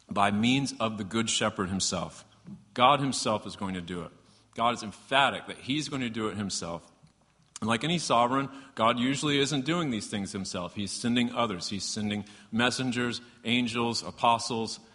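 A man with a fairly low voice preaches a sermon. He reads scripture aloud with emphatic rises and talks casually between passages. His voice rings with the long reverb of a large hall. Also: bright, forceful tone, breathy edge. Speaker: pastor.

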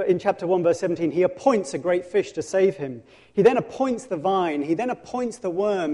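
A man preaching with animated storytelling, his voice sitting slightly high. He acts out scripture, stumbles and restarts often, and shifts between soft asides and loud bursts. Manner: frequent restarts and self-corrections. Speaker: pastor. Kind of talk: sermon.

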